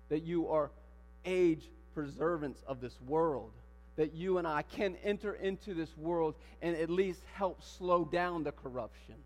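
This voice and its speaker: A man preaching a sermon in a church, animated, firing rhetorical questions and building to emphatic declarations. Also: a little high. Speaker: pastor. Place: church sanctuary. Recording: long hall reverb with mains hum.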